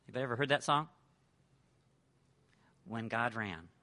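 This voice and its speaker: A man preaching a sermon, retelling a parable with dramatic swings between loud and hushed delivery. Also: mid-range voice, lively intonation, unhurried.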